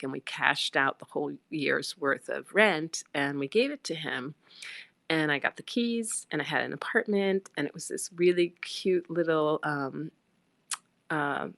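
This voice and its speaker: A middle-aged woman with a low, deep voice, recorded dry and close on a phone. She spins a long, meandering personal story, leaning on fillers and acting out bits of dialogue. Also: fairly bright tone, dry recording. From United States. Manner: chatty and rambling, with many fillers and acted-out quotes. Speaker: livestream host. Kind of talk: casual storytelling on a livestream.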